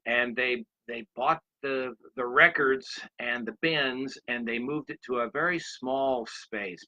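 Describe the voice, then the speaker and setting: A man's voice: mid-range voice, pushed and bright. A man in his sixties giving a motivational talk, rambling through anecdotes and speaking straight to his listeners. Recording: dull lo-fi recording.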